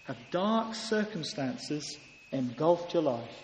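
A man's voice: a little high, lively intonation, slow, darkish tone, a little hiss or hum. A man preaching a sermon in church, earnest and full of rhetorical questions. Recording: echoey hall, heard from a distance.

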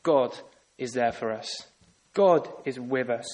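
A man's voice: mid-range voice, slow, a little mellow. A man preaching a sermon earnestly, often putting rhetorical questions to his listeners.

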